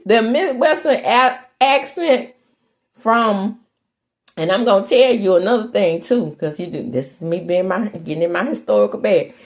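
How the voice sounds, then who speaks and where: A middle-aged woman from Mississippi hosting a casual podcast, chatty and animated, full of slangy asides. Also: mid-range voice, normal speed. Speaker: podcast host recapping a TV soap. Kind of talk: casual chat.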